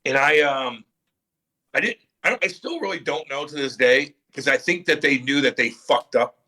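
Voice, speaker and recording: Guesting on an easygoing podcast, this middle-aged former professional hockey player has a bright, forceful voice on the high side and a moderate pace. He acts out each quote, swears liberally, and keeps his animated tales going with vivid energy.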